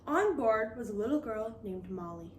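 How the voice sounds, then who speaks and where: Brief: storybook reader, woman, bright higher voice, expressive, roomy echo. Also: normal speed, distant mic, a little hiss or hum. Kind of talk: reading a children's picture book aloud.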